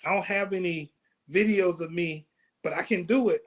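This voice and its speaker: A man hosting a comedy talk show, chatting casually and telling animated stories about booking comedians. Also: sits high, moderate pace. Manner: animated storytelling with laughs. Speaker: comedy show host and producer. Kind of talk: casual interview chat.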